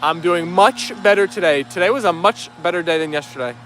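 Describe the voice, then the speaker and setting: A man's voice: sits high, brisk, a bit bright, soft background music. A man hosting a dog livestream outdoors, reading viewer comments aloud in an upbeat, easygoing way. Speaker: livestream host. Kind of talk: live chat reading.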